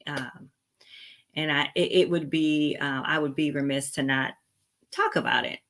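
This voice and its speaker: A woman's voice: deep voice, fairly even intonation, unhurried, fairly bright tone. A woman nurse practitioner hosting her channel, talking casually to camera in a rambling way with lots of fillers and restarts. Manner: laughs easily, playful asides to viewers.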